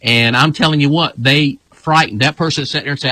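A man's voice: fairly high pitch, brisk, pushed and bright, no room sound, low-quality recording. A man, a pastor, teaching in a casual, emphatic way and often repeating his phrases.

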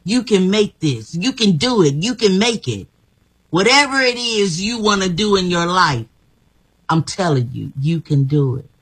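A woman's voice: fairly low pitch, animated, a little slow, breathy edge, rough recording. A woman guest telling her life story in an emphatic, repetitive, motivational way. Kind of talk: inspirational personal story.

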